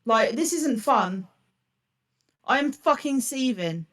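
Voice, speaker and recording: A woman streamer in a furious live-stream rant, swearing hard and hurling accusations. Her voice sits high and sounds a little distant from the mic. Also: animated, takes it slowly, fairly bright tone.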